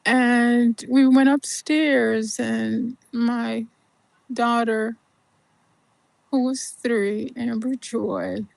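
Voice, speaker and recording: An older woman hosting a podcast, telling a personal story in an unhurried, gentle way that often sinks to a soft near-whisper. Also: on the high side, creaky, no room sound. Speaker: podcast host.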